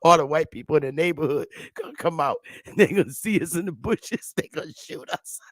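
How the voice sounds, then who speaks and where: A woman vlogger sitting at home, ranting loudly and profanely to her viewers and laughing often. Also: low voice, expressive, fairly quick, dry recording, studio quality. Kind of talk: profane comic rant to viewers.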